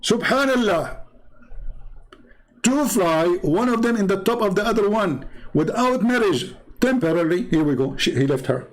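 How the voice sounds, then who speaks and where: A man's voice: animated, a little fast, hardly any pauses. Sarcastic man with an Arabic accent. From Middle East. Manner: mocking, sarcastic, swings between low mutters and high exclamations. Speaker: Christian apologist channel host. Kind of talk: sarcastic commentary.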